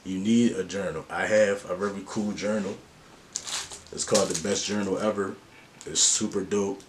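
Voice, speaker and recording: Deep-voiced man giving casual advice. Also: fairly even intonation, normal speed, slight background noise. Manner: slangy, earnest and open. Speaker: vlogger giving life advice. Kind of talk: casual to-camera talk.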